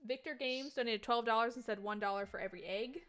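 A woman's voice: on the high side, fast, a bit bright, faint music behind. A woman hosting a charity game stream, directing her team, reading donations and swearing freely. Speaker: stream host. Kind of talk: casual chat while gaming.

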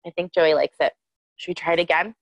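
A woman's voice: fairly low pitch, steady tone, fast talker, no echo, dull audio. Cheerful woman teaching kids yoga. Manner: cheerful, encouraging, asks children questions. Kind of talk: guiding a children's yoga class.

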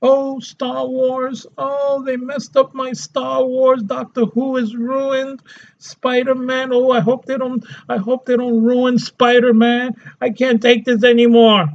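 A man's voice: very high-pitched, level tone, takes it slowly, creaky, lo-fi sound, voice pushed up, heavily acted. A man mimicking a whiny, upset movie fan in a mocking tone. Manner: whining, mocking.

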